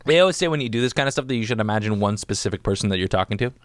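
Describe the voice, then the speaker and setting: A man's voice: on the low side, animated, very fast, no room sound. A young man hosting a casual solo podcast from his home music studio, rambling and joking, with "dude" in nearly every other line. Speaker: podcast host.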